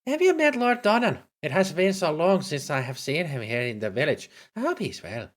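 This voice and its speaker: A man's voice: a little high, big pitch swings, moderate pace, voice pushed up. A man voicing a busy, gossipy village woman while reading game dialogue aloud with a theatrical delivery. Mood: grave.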